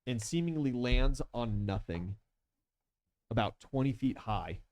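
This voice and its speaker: A man's voice: mid-range voice, animated, unhurried, darkish tone. A man narrating as game master in a tabletop game, casual and chatty with lots of fillers.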